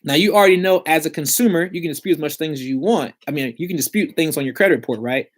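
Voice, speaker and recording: A man's voice: a little high, quick pace. A man giving blunt, slangy advice in a casual vlog about credit repair.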